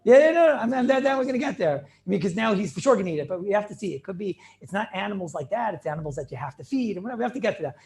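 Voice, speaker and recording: Racing along with hardly any pauses, a rabbi with a high, gravelly voice and widely swinging intonation gives a lively Talmud class. He's chatty and animated, fires off questions, laughs a lot, and trips over repeated words when restarting thoughts.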